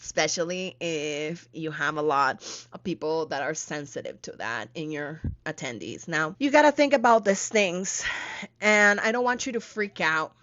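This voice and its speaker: A woman hosting a solo talk on planning events, teaching in an animated, emphatic way with playful asides. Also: low-pitched, moderate pace, highs cut off. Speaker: podcast host and event coach.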